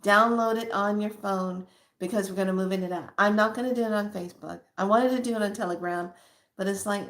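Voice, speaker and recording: A woman's voice: medium pitch, fairly even intonation, a little fast, fairly bright tone. A woman hosting a spiritual channel, talking casually and emphatically to her viewers with a preachy edge and spontaneous asides. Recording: echoey room.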